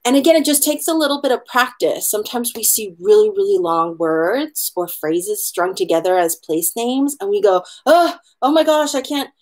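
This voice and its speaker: A woman leads an online hula lesson in a friendly, talkative way, with a voice of ordinary middle pitch. She encourages her students and slows right down whenever she spells out words letter by letter. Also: lively intonation, darkish tone. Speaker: hula instructor. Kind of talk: online class lesson on pronunciation.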